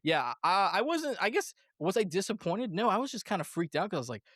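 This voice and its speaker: A man hosting a casual movie review podcast, animated and laughing often as he acts out quotes. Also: high-pitched, a little fast, no room sound, clean studio sound. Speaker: podcast host.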